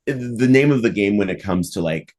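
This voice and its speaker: A man hosting a podcast, talking casually with lots of "like" fillers and animated emphasis. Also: lowish voice, moderate pace. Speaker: podcast host and mock trial coach.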